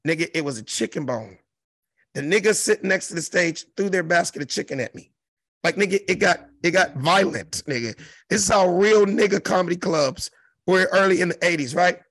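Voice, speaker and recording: Gravelly, high-voiced man telling a wild story. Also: lively intonation, brisk, a bit bright, dry recording. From South Central Los Angeles. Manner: profane, emphatic, mimics crowd noises. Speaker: interview guest, comedian. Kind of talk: animated storytelling.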